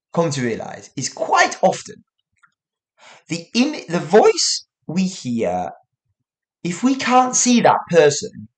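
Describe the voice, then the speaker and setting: A man hosting an English-learning podcast, speaking slowly and deliberately so listeners can follow. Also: on the high side. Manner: deliberate, with long pauses. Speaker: podcast host and English teacher. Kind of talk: slow, clear podcast talk for learners.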